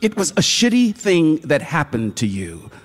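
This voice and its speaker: A man voicing a blunt, forceful woman in a read-aloud story, speaking low and urgently. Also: wildly swooping pitch, moderate pace, faint music behind.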